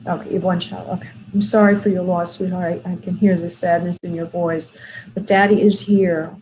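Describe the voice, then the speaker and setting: A woman hosting a call-in show as a spirit medium, talking gently and soothingly to callers, with many fillers. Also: fairly low pitch, level tone, a little fast, slight background noise, low-quality recording. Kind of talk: call-in reading, soft and consoling.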